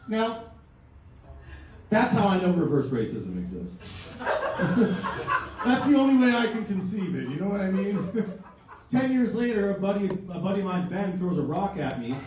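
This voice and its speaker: A Canadian comedian in his thirties performs a self-deprecating stand-up set on a comedy club stage before a live audience, his high-pitched, very animated, slightly mellow voice at a moderate pace with long pauses. He rambles with fillers and slips into put-on voices. A distant mic captures the echoey club, crowd laughter, and a little hiss or hum.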